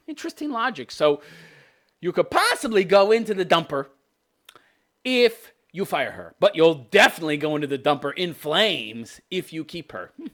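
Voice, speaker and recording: A man's voice: a little high, a bit bright. Sarcastic, profane ranting man. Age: 50s. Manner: profane, sarcastic, laughs at own jokes. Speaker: commentary show host. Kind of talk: ranting political commentary.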